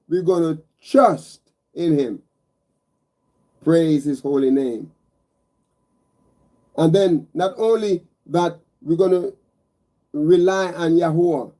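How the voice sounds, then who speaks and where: Male preacher, meditative sermon, repetitive, slow delivery, somewhat high voice. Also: dark tone. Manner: repetitive, addresses listeners as brothers and sisters; stacks emphatic single words.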